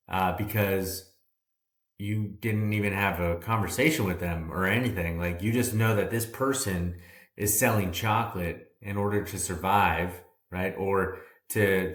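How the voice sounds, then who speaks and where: A man's voice: low-pitched, fairly bright tone, echoey room. A man hosting an interview, telling a long story in a casual, rambling way with frequent "right?" asides. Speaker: podcast host.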